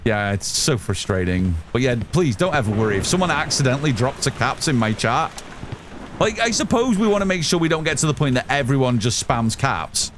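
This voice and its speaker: A loud, excitable man, chatting casually with his live-stream chat while gaming and swearing freely. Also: mid-range voice, a little fast, slight background noise.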